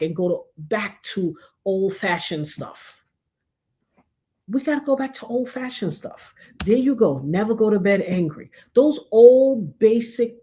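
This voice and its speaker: A woman's voice: mid-range voice, warm tone. A middle-aged woman, hosting a casual livestream chat and telling stories animatedly, acting out the voices of the people she quotes. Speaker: show host.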